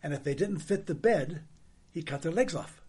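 A man with a husky, slightly raised voice hosts a relaxed conversation. He tells anecdotes with rising emphasis, then lets his sentences trail off quietly. His delivery is casual and talkative. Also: on the high side, normal speed. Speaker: host.

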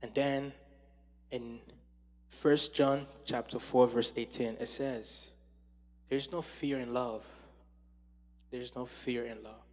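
A man preaching a sermon with passion, swinging from loud exclamations to hushed tones. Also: medium pitch, fairly even intonation, takes it slowly, pauses often. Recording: long hall reverb.

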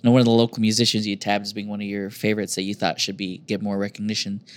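A man hosting a podcast in casual chat, animated and swearing freely. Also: on the low side, quick pace. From Oklahoma. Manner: animated, swears freely, mimics voices in quotes. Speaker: podcast host.

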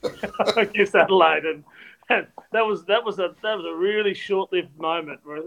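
Aussie guy, fairly high voice with some gravel, relaxed and dry. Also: moderate pace, rough recording. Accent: Australian. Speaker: guest, former football captain. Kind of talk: casual chat.

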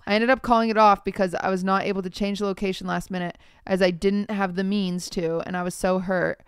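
A young woman hosting a podcast, chatting casually and reading online posts aloud in a measured, wry tone. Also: mid-range voice, flat delivery, clear, resonant tone, dry recording, clean studio sound. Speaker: podcast host.

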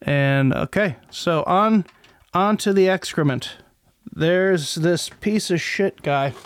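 Middle-aged male host, unhurried, smooth clear voice; rambling and profane. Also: on the high side, no room sound, studio quality. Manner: rambling, profane, many restarts. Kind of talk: casual commentary monologue.

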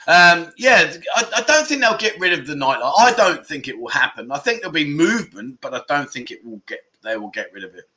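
Male livestream host, lively and swooping, bright sharp tone, rambling and jokey. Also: fairly high pitch, a little fast, few pauses, poor audio. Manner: animated, chatty, jokey, rambling. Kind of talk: casual livestream chat reading comments.

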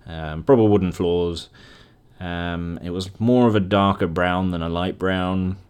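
A man's voice: deep voice, steady tone, a little slow, darkish tone, smooth. A man hosting a podcast, casually retelling a dream in a rambling, chatty way and laughing at himself. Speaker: podcast host. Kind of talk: casual solo storytelling.

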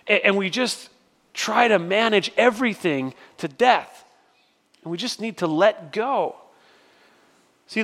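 A middle-aged man delivers a sermon as pastor, speaking with a fairly high voice. He tells stories in a relaxed, conversational way, often restarting his sentences. The sound carries a long reverb, as in a large hall. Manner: conversational storytelling with frequent restarts. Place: church sanctuary.

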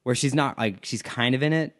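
A man co-hosting a podcast, chatting casually about an animated series, swearing freely and often restarting his thoughts. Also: medium pitch, brisk. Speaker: podcast co-host. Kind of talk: casual chat.

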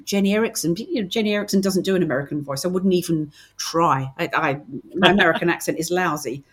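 British lady guest on a podcast, lowish voice, chatty, lots of restarts. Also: fast, husky. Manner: chatty, warm storytelling with many restarts. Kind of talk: casual interview chat.

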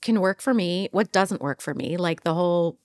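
A woman hosting a podcast, chatting casually and reading headlines aloud with lively asides. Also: fairly low pitch, normal speed, dry recording, studio quality. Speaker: podcast host.

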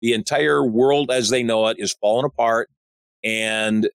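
A man's voice: mid-range voice, steady tone, measured pace, creaky, smooth, no echo. A man hosting a podcast interview in a casual, blunt, opinionated way. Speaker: podcast host.

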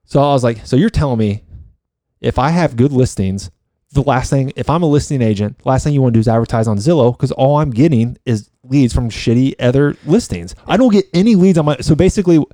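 Man, rapid-fire, swearing, mellow dark tone, dry sound, casual podcast chat. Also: mid-range voice, no room sound. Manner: fast, heated storytelling with frequent swearing. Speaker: real estate agent.

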